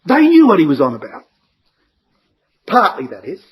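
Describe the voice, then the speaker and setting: Man, Bible study preacher, emphatic, animated rise and fall, slightly husky. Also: high-pitched, moderate pace, highs cut off. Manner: addresses the congregation with rhetorical questions. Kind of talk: verse-by-verse Bible study talk.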